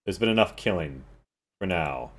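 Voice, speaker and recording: Man voicing proud female warrior leader, stern, forceful, deep voice, tabletop game. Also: expressive, moderate pace, breathy edge.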